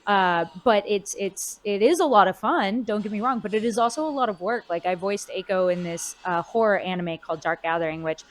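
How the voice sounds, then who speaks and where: A woman's voice: mid-range voice, fairly quick, few pauses, low-quality recording. A woman in her twenties, a voice actor chatting expressively in a convention interview, with fillers and restarts. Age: 20s. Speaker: voice actor guest.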